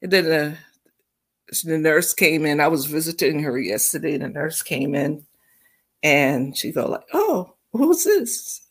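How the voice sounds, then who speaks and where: A middle-aged woman, co-hosting a casual family podcast and telling stories with lively voices. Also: deep voice, a little slow, husky. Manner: animated storyteller, acts out voices in anecdotes. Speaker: co-host.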